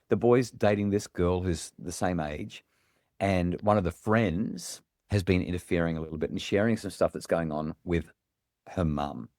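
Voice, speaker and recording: A middle-aged Australian man, a parenting expert, telling a story in earnest, animated podcast conversation. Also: low voice, dry recording, clean studio sound.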